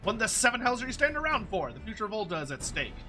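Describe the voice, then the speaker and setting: A man's voice: high-pitched, big pitch swings, very fast, bright, forceful tone, faint music behind, pitched above the performer's own voice, full character voice. A man voicing a brash middle-aged woman, a cook and healer mother who bosses others around. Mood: scolding. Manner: bossy, scolding.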